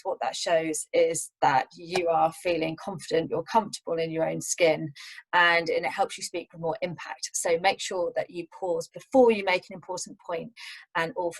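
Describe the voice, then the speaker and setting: Calm, measured woman with a low voice. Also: husky, rough recording. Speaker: public speaking coach. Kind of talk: scripted tips to camera.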